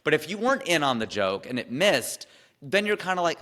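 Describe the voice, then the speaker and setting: A man, a comedian, chats in a casual interview, animated and full of quick asides. His voice is bright and forceful. It carries a long reverb, as in a large space. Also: on the high side.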